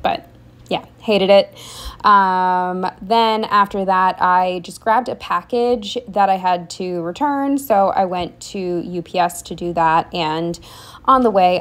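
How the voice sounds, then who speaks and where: A woman's voice: medium pitch, unhurried, creaky. A young woman talking casually to camera about her week, rambling with lots of fillers and restarts. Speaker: vlogger. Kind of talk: casual diary-style chat.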